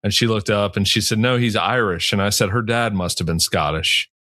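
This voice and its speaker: A man's voice: on the low side, a little fast, pushed and bright. A man co-hosting a podcast, telling a short story and asking follow-up questions casually. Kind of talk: casual interview chat.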